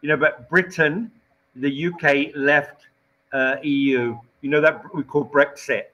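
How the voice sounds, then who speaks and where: A man teaching English in a casual online lesson, explaining slowly and patiently with many fillers. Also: a little high, fairly even intonation, a bit bright, lo-fi sound.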